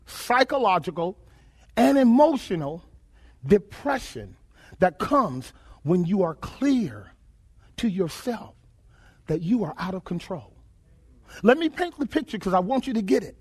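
A male preacher delivering a sermon in a call-and-response style, repeating his phrases and rising to shouts. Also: very high voice.

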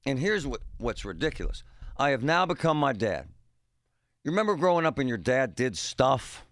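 A man's voice: medium pitch, big pitch swings, normal speed, a bit bright, no echo, studio quality. A middle-aged man hosting a radio show, rambling and joking in a casual monologue with punchy exclamations.

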